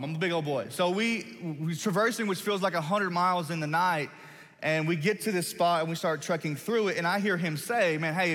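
A man's voice: fairly high pitch, fairly bright tone. A man, preaching as a pastor and telling a self-deprecating, folksy story in a large church hall. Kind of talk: sermon with personal story.

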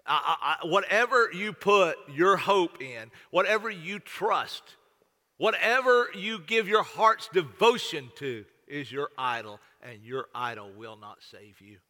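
A man's voice: on the high side, animated, measured pace, sharp tone. A man preaching a sermon in a folksy, repetitive way, often stammering and restarting as he talks to the congregation. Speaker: pastor. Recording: long hall reverb.

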